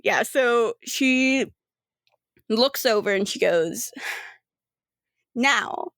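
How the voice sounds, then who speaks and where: A woman narrating as game master of a tabletop game, giggly and animated. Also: a little high, slow pace, no room sound, clean studio sound.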